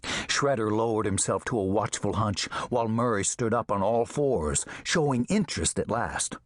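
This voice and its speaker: A man reading an audiobook aloud with lively rises and falls in pitch. His voice is slightly husky and sits close and dry on the mic. The telling is expressive and storybook-like. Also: moderate pace, no room sound. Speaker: audiobook narrator. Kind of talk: scripted audiobook narration.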